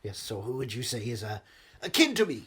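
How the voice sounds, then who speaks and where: A man's voice: medium pitch, very animated, fairly quick, a bit bright, breathy edge, voice pushed down, full character voice. A man doing a comic impression of a pompous aging movie star who rambles and keeps saying "wonderful". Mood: rambling. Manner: rambling, repeats "wonderful" constantly.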